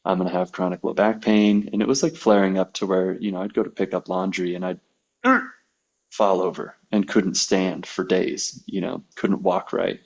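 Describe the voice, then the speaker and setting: A man with a fairly low voice tells a personal story in relaxed podcast conversation, slipping into the voices of the people he quotes. The recording is a bit dull and lo-fi. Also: moderate pace, creaky, breathy edge. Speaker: podcast guest, massage therapist.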